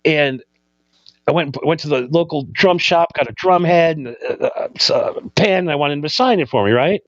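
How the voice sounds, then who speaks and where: A man's voice: a little high, moderate pace, dry recording. A man co-hosting a podcast, telling a story in a profane, heated way over casual chat. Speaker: podcast co-host. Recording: dull lo-fi sound, dry.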